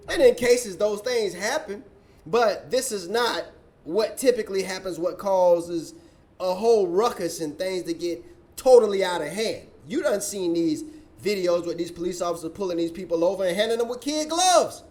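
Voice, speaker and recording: A man with a high voice gives reaction commentary in a sarcastic, preaching way. He mocks others with quick put-on quotes. He keeps returning to sermon-like points. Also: animated, darkish tone. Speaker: commentary show host.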